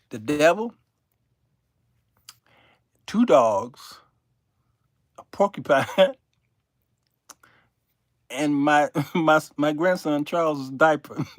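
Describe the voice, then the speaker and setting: An older man hosts his own show and spins a funny tale with a lively, swooping voice that rises and falls all over. He laughs at his own punchlines as he goes. The sound is dry and close, with no room echo. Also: fairly high pitch. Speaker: show host. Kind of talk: comic storytelling to viewers.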